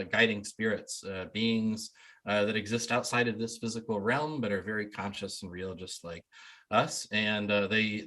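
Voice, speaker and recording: A man's voice: fairly low pitch, pushed and bright. A man, a shamanic healer, telling his story casually in an interview, rambling with many ums and restarts. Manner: acts out quoted people in a livelier voice.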